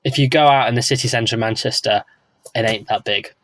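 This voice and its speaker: A man's voice: mid-range voice, a little fast, a bit bright, dry recording, rough recording. A man co-hosting a podcast in casual chat, talking chattily with wry asides. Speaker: podcast co-host.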